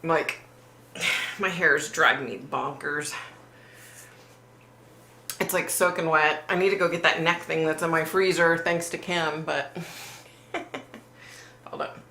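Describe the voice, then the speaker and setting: Her voice is deep and bright with a forceful edge, held steady at a measured pace with frequent pauses, and there's a slight hiss or hum. As a livestream host in a warm room under bright lights, she chats casually, reads viewer comments, and swears bluntly with a giggle. The sound carries a roomy echo.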